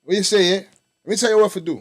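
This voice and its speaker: A man's voice: high-pitched, fairly even intonation, racing, pitched above the performer's own voice. A man voicing a playful Jamaican patois impression. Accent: Jamaican imitation.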